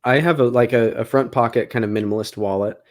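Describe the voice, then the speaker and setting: A man talking relaxed on a podcast as a guest, with teasing banter. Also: medium pitch, fast talker. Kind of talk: casual podcast chat.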